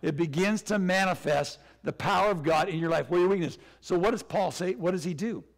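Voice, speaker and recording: A male pastor preaching a sermon with a hoarse, cracking voice, speaking earnestly with repetition. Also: high-pitched, fairly quick. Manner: earnest, repetitive preaching with self-deprecating laughs.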